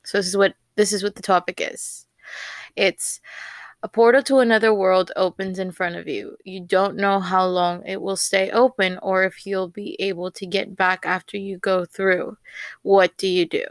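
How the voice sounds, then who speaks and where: A woman's voice: mid-range voice, little pitch movement, moderate pace, dry recording. A young woman hosting a casual solo podcast, rambling with many fillers and repeated words. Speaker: podcast host.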